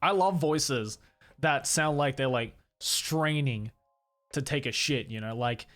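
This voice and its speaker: Guy streamer just chatting, laughs a lot, lots of likes and you knows, mid pitch. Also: slow pace, fairly bright tone, faint music behind. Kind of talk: casual chat.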